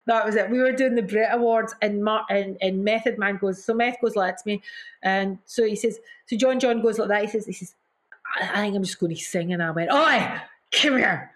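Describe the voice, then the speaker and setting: A middle-aged woman, a singer being interviewed, tells stories casually and effusively, repeating herself and acting out quotes with gasps and mimicry. Her mid-range voice keeps a steady tone at a brisk pace.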